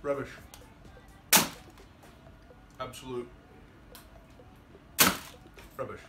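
A man's voice: mid-range voice, unhurried. Casual guy, rambling, self-mocking workshop vlogger; roomy sound, mic set back. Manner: rambling, self-deprecating, chatty. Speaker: maker vlogger. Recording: roomy workshop audio, distant mic, music underneath.

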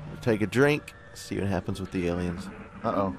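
A young man with a very low voice chats through a strategy game, cracking jokes and talking to his soldiers. A faint hum of noise sits under his voice. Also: a little fast, creaky. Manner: joking, talks to his soldiers. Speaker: gameplay commentator. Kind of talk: casual let's-play commentary.

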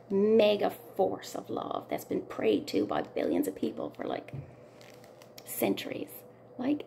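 A woman's voice: fairly high pitch, gravelly, darkish tone, a little hiss or hum. A middle-aged woman from Newfoundland with a Newfoundland accent, chatting in a rambling personal way, often dropping to a near whisper and tagging lines with "right?". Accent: Newfoundland English. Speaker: singer-songwriter. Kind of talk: casual personal storytelling.

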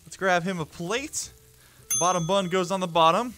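A man's voice: sits high, moderate pace, sharp tone, faint music behind. A man giving playful, joking commentary while playing a cooking game. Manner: playful, joking, talks to the screen. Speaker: gaming YouTuber. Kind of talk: let's play commentary.

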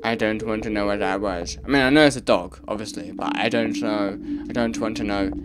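A man giving casual gameplay commentary, reacting out loud and muttering to himself as he plays. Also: fairly low pitch, a little fast, over music. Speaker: let's play gamer.

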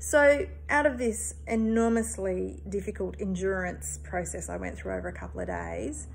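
A woman's voice: mid-range voice, moderate pace, gravelly, a little hiss or hum. A woman in her thirties, a therapist, talking earnestly and emphatically in a personal reflective monologue, swearing casually.

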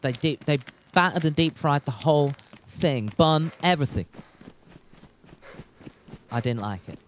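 A man's voice: a little high, expressive, unhurried, a little hiss or hum. Chatty man streaming a game. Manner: rambling, jokey, chatty with viewers. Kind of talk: casual gameplay commentary.

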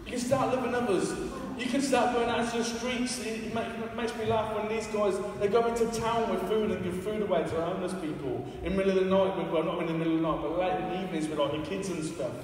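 Joking preacher in an echoey hall. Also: male voice, high voice, steady tone, quick pace, few pauses, darkish tone. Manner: chatty, joking, self-deprecating. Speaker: evangelist preacher. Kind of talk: casual sermon. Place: church hall. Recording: echoey hall, far from the mic.

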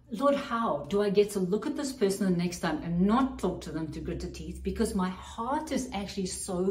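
A woman's voice: medium pitch, darkish tone, roomy sound, distant mic, rough recording. A woman hosting a Christian podcast as a coach, giving an earnest, reflective teaching monologue and often checking in with "right?".

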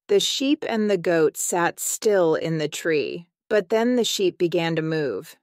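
A woman reading a children's story aloud for English learners, slowly and carefully pronounced. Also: low-pitched, a little mellow, no echo, studio quality.

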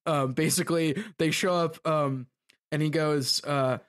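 A man co-hosting a casual book podcast, his voice sitting a little high. He talks through the story loosely and reads passages aloud, tripping over words and restarting as he goes. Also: fairly even intonation, measured pace. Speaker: podcast co-host.

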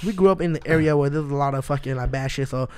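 Fast-talking, profane male podcast co-host. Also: fairly high pitch, slight background noise. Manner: profane, animated, acts out quotes in a raised voice. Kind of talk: casual storytelling chat.

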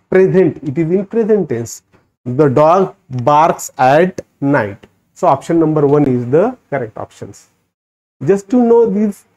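Slow, deliberate Indian-accented male teacher. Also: fairly high pitch, mellow. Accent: Indian English. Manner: slow, drilling sentence patterns with rising emphasis. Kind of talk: recorded grammar lesson. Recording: dull lo-fi recording.

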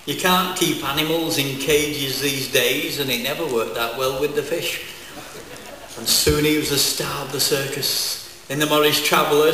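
A deadpan man recites comic verse live on a festival stage, his voice sitting a little high. A distant mic catches him in a very echoey hall, with faint audience sound behind. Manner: deadpan, wordplay-laden delivery. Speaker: comic poet.

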